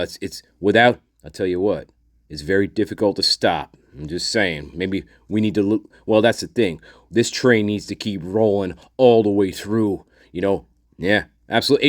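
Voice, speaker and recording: A man hosting a channel and commenting casually on documents, rambling, repeating himself and addressing his viewers warmly. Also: lowish voice, no echo, studio quality. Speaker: channel host.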